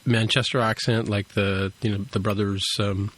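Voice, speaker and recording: A man's voice: on the low side, flat delivery, moderate pace, a bit bright, low-quality recording. A man co-hosting a podcast in casual chat, rambling with many restarts and fillers. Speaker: podcast co-host.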